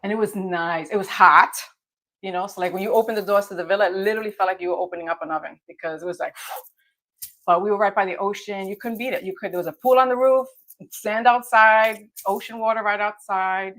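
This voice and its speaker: A woman's voice: mid-range voice, fairly quick. Laid-back woman from the Bronx. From the Bronx, New York. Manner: relaxed, laughs easily, chatty storyteller. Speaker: guest travel expert. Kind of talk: casual interview chat.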